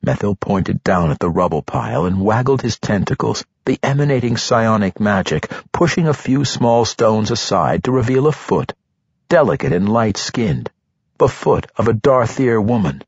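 A man narrating a fantasy audiobook in a very low, husky voice. His pitch moves a lot as he reads, measured and expressive. The recording is dry and dull. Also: no room sound.

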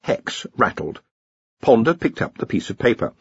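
A man narrating an audiobook in an expressive, wry storytelling manner, in a slightly dull recording. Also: mid-range voice, normal speed, breathy edge, dry recording. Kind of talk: audiobook reading with character voices.

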